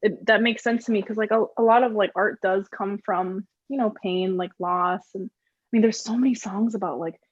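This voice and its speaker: A woman interviewing a guest in casual conversation, chatty and lively, with many "like" fillers. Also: mid-range voice, normal speed, no echo, dull audio.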